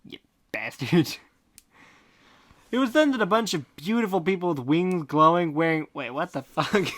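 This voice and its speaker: A podcast host reading fan fiction aloud in a deadpan tone, breaking off for snarky comments. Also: medium pitch. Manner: deadpan reading broken by snarky asides and laughter. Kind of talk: comic fanfic reading with asides.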